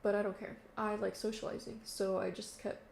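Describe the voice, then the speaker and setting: A woman's voice: mid-range voice, little pitch movement, a little fast, gravelly, a little mellow. A young woman telling a story in casual chat, lots of fillers and quoted voices, recorded in an echoey room. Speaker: vlogger. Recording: echoey room with faint noise.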